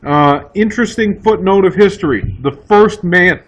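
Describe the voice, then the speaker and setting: A man teaching history in a casual, chatty way, often voicing quick asides for the people he talks about. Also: high-pitched, poor audio. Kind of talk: recorded classroom lecture.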